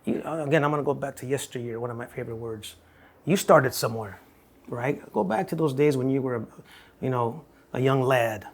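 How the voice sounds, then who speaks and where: A middle-aged man hosting an interview, folksy and animated in a colloquial way. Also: mid-range voice, fairly quick. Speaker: interview host. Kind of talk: interview conversation.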